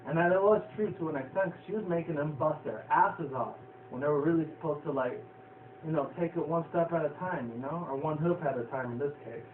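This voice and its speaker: A man's voice: on the high side, a little fast. Male vlogger, casual rambling recap, profane, chuckly; tinny phone-like audio with faint background hiss. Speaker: vlogger reviewing a cartoon episode. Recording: tinny lo-fi, echoey, distant from the mic.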